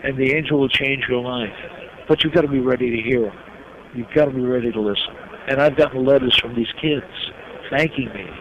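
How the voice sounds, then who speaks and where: An older man from New York, a guest in an interview, telling his life story slowly and with emotion. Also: medium pitch. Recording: dull lo-fi recording with noise.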